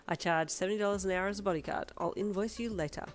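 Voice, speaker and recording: A woman's voice: medium pitch, fast, lightly acted. A woman reading a fan fiction audiobook and voicing an upbeat, affectionate teenage girl who teases eagerly. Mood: playful. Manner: bright, eager, teasing. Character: upbeat playful teen girlfriend, teasing and affectionate.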